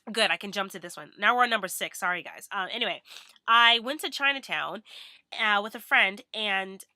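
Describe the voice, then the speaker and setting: A woman's voice: mid-range voice, normal speed, pushed and bright, dry recording, studio quality. A young woman vlogging in a bubbly, rambling way with many fillers. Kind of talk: casual chatty vlog.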